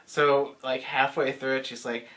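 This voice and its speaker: A man's voice: medium pitch, little pitch movement, measured pace, a bit bright. A young man co-hosting a podcast, telling stories in casual chat and laughing as he goes. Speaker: podcast co-host.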